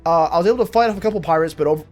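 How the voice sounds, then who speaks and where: A man's voice: on the high side, very fast, soft background music, close to an everyday voice. A man playing a merchant sailor taken prisoner, telling his backstory in a plain, matter-of-fact way.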